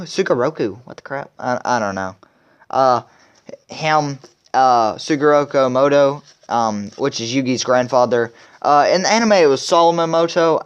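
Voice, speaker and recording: A man's voice: medium pitch, smooth. A young man hosting a video and recapping a comic chapter in a rambling, filler-heavy casual way. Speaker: video host.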